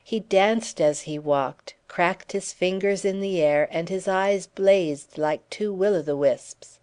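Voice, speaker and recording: A woman reading a classic story aloud as an audiobook narrator, in a steady storytelling manner. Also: lowish voice, takes it slowly, clear, resonant tone. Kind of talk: scripted narration.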